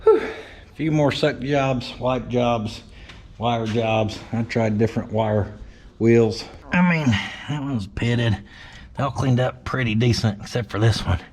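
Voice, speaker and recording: A man's voice: medium pitch, unhurried, darkish tone. A man chatting casually and joking as he works on an old truck in his shop. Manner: folksy, joking, talks to himself and his dog. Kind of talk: casual workshop vlog narration.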